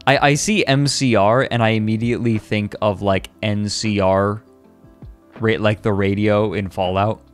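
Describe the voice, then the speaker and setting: A man's voice: lowish voice, steady tone, a little slow, faint music behind. A man streaming a comedic, mock-dramatic reading of a story at a desk microphone. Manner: mock-dramatic, breaks into laughter.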